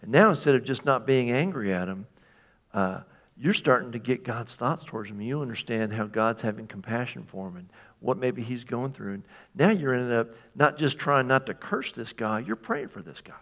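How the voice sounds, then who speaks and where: A male pastor preaches a sermon in a relaxed, conversational manner, with a mid-range voice at a moderate pace. He repeatedly asks the congregation questions and checks that they're following along.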